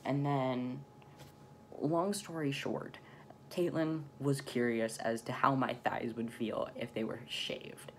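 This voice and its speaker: A man's voice: mid-range voice, a little slow, few pauses, fairly bright tone, a little hiss or hum. Young man with a voice still changing. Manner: chatty, many "um"s and light laughs, self-deprecating. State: voice mid-change on testosterone. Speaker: vlogger. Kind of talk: casual vlog chat.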